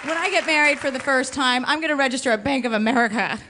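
A woman comedian with a high voice talks fast through a blunt, mocking stand-up set, using a stage microphone before a live comedy club audience. The live club recording carries faint crowd sound and noise.

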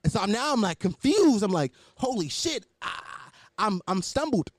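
A man's voice: high voice, very animated, normal speed, no echo, studio quality. A man telling a rambling, profane personal story in a casual way.

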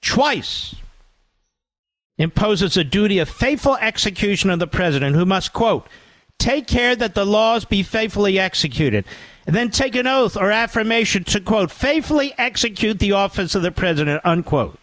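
Man, talk radio host, sarcastic monologue, swooping animated delivery, dry studio sound. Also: high voice, moderate pace, dry recording. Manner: combative, sarcastic, mocks others in put-on voices.

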